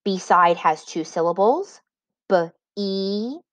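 Slow, clear woman teaching spelling. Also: on the low side, animated, no echo. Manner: slow, clear dictation with example sentences. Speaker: reading teacher. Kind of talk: recorded spelling lesson for children.

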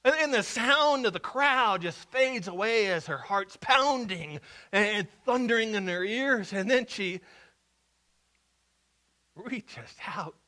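A male pastor with a high, bright voice, preaching a sermon. He tells the story dramatically, dropping to a hush and then rising again with a lively, swooping pitch. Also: slow pace. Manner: dramatic storytelling, shifting from hushed to loud.

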